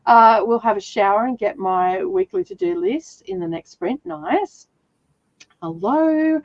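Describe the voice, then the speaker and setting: A woman's voice: on the high side, lively intonation, a little slow, creaky, no room sound, dull audio. Upbeat Australian woman hosting a stream. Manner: laughs often, reads out chat greetings. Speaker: reading sprint host. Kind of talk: casual livestream chat.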